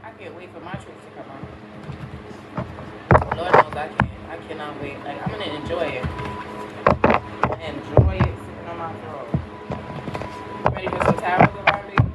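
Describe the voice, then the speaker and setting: A woman's voice: low voice, normal speed, pauses often, loud music behind the voice. A woman with a Caribbean accent, a spiritual reader chatting bluntly and preachily to her viewers, repeating herself. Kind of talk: casual spiritual chat to viewers. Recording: roomy, far from mic, loud background noise.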